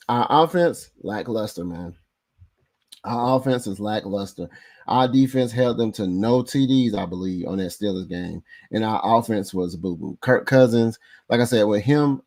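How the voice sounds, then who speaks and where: Animated slangy man hosting sports talk. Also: mid-range voice. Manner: loose and animated, heavy slang, repeats phrases. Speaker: podcast host. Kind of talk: casual sports talk livestream. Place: home streaming setup. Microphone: new desk microphone setup.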